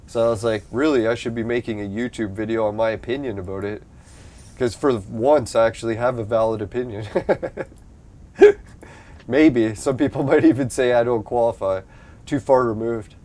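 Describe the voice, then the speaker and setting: A man's voice: mid-range voice, fairly even intonation, normal speed, mellow. A young adult man from Canada, chatting casually and profanely on a live stream, rambling and laughing often.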